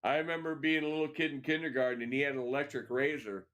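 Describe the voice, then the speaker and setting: A man hosting a casual after-show chat, telling stories in a lively way and swearing freely. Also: a little high, fast. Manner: animated storyteller, swears freely. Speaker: show host.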